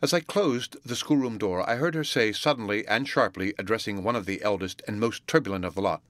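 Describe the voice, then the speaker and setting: A man reading a classic novel aloud as an audiobook narrator, in a measured, deliberate way. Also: lowish voice, a bit bright, no echo. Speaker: audiobook reader.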